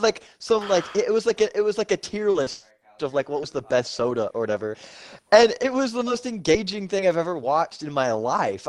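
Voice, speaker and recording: A young man in casual podcast chat, rambling and excitable, swearing often and filling with "like". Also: sits high, dry recording.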